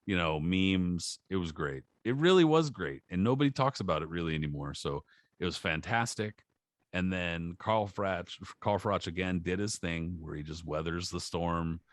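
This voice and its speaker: A man co-hosting a casual podcast, telling stories in a loose, profane, animated way and acting out quotes. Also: deep voice, normal speed, no room sound. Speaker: podcast co-host. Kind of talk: casual chat.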